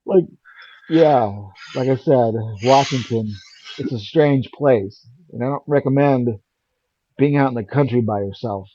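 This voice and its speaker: A man telling a personal story in casual conversation as a guest, rambling and animated. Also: medium pitch, moderate pace, no echo. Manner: rambling, animated, acts out quoted voices. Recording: dull, lo-fi and dry.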